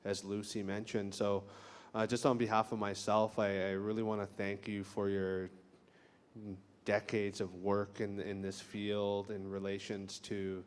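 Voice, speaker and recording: A man giving heartfelt thanks at a public event, speaking softly and haltingly with restarts. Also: lowish voice, monotone, clear, resonant tone. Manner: soft-spoken, halting with restarts. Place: lecture hall. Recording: long hall reverb.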